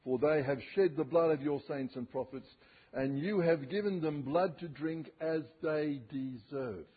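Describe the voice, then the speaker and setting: A male preacher giving an expository sermon, reading scripture slowly and emphatically, with dramatic rises and drops in his voice. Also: on the high side, slightly rough. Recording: tinny phone-like sermon recording.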